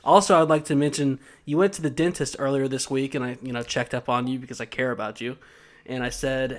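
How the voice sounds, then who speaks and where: A man's voice: mid-range voice, fairly even intonation, a little fast. A young man co-hosting a podcast, teasing his friend in casual chat. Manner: teasing, joking. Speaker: podcast co-host.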